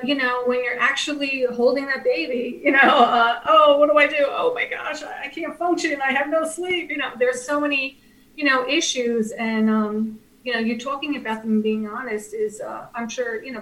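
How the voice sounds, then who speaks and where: A woman's voice: high voice, fairly bright tone. A woman hosting a casual interview, encouraging and agreeable with her guest. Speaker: interviewer host.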